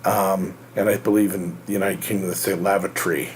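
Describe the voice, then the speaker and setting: American male host, low voice, halting and rambling explainer with faint room hum behind. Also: little pitch movement, darkish tone. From United States. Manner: rambling, halting, many fillers and restarts. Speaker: real estate show host. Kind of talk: casual explanatory monologue.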